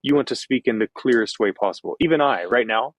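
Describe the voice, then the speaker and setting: A man from Kentucky with a General American accent, a former visa officer calmly explaining in an interview and repeating his key points. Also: mid-range voice, fast, rough recording. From Kentucky, USA. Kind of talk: interview answers.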